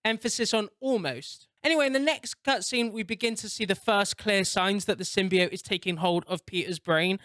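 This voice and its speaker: A man doing excitable, sweary gameplay commentary and narration, laughing often. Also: sits high, normal speed, hardly any pauses, dry recording, clean studio sound. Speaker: gaming YouTuber.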